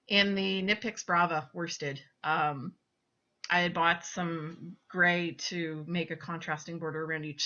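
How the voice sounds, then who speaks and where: A woman's voice: fairly low pitch, bright, forceful tone. A woman hosting a casual knitting show-and-tell, chatty and giggly, often apologizing, filmed in a small cramped spot at home. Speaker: podcast host. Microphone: webcam. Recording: dull lo-fi webcam audio.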